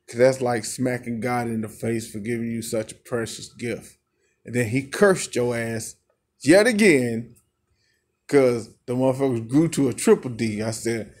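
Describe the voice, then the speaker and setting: A man of middle pitch telling a rambling, profane story in a casual rant. He laughs often and his voice leaps upward whenever he gets worked up. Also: darkish tone.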